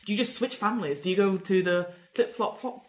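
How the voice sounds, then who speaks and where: A woman narrating a comedic tabletop game as game master, telling the story in a lively, giggly way. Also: mid-range voice, fairly quick, reverberant.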